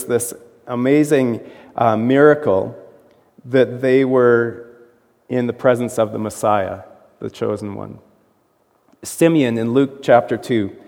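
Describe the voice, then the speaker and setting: A man's voice: mid-range voice, a little mellow, big-room sound. A man preaching a sermon as pastor, in a conversational way, asking his listeners questions and laughing at his own asides.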